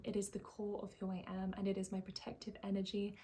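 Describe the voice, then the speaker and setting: A female life coach with a mid-range voice gives a calm, thoughtful monologue. She softens her tone and slows her pace to underline important ideas.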